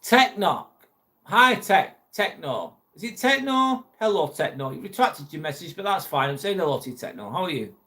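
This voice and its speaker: A man's voice: high-pitched, sing-song, moderate pace, sharp tone. Blunt, chatty man. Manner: chatty, blunt, swears freely. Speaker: livestream host reading viewer chat. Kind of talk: casual live chat.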